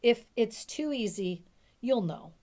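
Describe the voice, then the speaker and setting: A woman's voice: on the high side, lively intonation, takes it slowly, warm tone. A middle-aged woman and dementia care coach giving chatty, emphatic caregiving advice, repeating her key points. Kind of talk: casual advice talk to camera.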